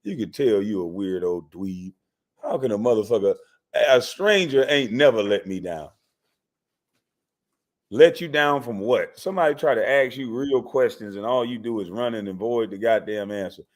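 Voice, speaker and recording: A man's voice: lowish voice, moderate pace. A man hosting a call-in livestream, arguing bluntly and profanely with callers. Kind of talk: heated call-in banter.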